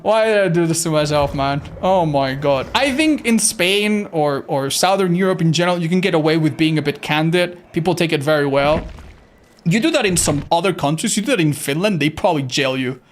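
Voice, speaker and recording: A man's voice: a little high, brisk, a little hiss or hum. A man chatting casually on a livestream, reading chat, swearing freely and laughing often; English is not his first language. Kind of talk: casual live-stream chat.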